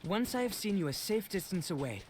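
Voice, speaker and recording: An actor voicing an earnest, formal young scholar in fantasy game dialogue. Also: male voice, sits high, sing-song, fairly quick, slight background noise. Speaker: story character in a fantasy game.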